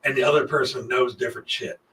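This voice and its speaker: A man's voice: medium pitch, steady tone, fast. A man in casual podcast chat, teasing the others with probing questions. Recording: distant mic, faint background noise.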